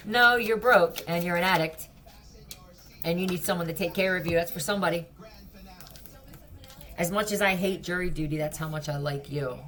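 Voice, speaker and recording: Low-voiced blunt woman reading tarot. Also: normal speed, pauses often, fairly bright tone. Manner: blunt, profane and mocking. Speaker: tarot reader. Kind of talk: casual tarot reading vlog.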